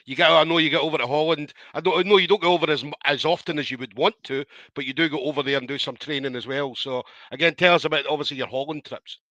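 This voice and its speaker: Bright, quick Scottish interviewer. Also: male voice, a little high, fairly even intonation, no room sound, muffled recording. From Scotland. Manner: rambling questions, repeats obviously. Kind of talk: casual interview.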